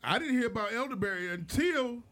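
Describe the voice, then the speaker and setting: A man's voice: very high voice, lively intonation, a little fast, a bit bright. A man in casual chat, teasing and repeating his points for emphasis.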